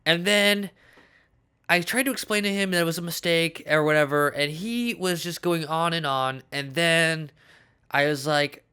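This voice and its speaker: A man vlogger telling a comedic story in a deadpan, self-important, mock-serious way. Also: on the high side, moderate pace, clean tone.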